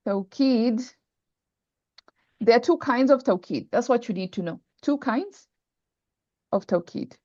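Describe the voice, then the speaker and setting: A woman's voice: a little high, animated, unhurried, long pauses, a little mellow, no room sound. Female teacher, dull lo-fi call audio. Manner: patient, repeats terms and checks understanding. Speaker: Arabic grammar teacher. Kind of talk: online class explanation.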